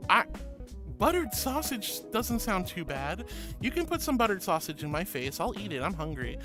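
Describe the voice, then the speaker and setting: Tender, high-pitched male streamer, doting on chat, soft music bed. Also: very animated, normal speed. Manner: gentle and affectionate, calls viewers honey and sweetie. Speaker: VTuber streamer. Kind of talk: casual livestream chat, reading viewer messages.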